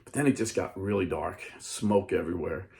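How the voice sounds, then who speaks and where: Gravel-voiced man telling a dramatic story. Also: low voice, moderate pace, darkish tone. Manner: dramatic retelling, acting out voices. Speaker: host. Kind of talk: storytelling talk.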